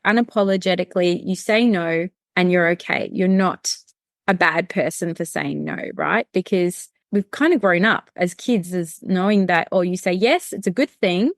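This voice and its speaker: A woman's voice: mid-range voice, dry recording, clean studio sound. Affirming woman hosting a podcast. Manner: warm, affirming listener with frequent agreement. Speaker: podcast host. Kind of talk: casual podcast interview.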